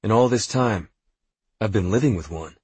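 A man narrating a novel in the first person in a gruff, bitter tone. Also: fairly low pitch, lively intonation, normal speed, a little mellow, no echo. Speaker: audiobook narrator.

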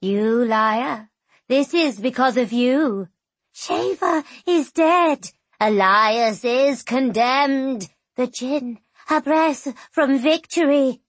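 A woman's voice: high-pitched, drawn-out words, no echo, exaggerated voice. A woman doing furious shrieking ghosts. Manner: shouting accusations. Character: swarm of furious accusing ghosts. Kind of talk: audiobook narration.

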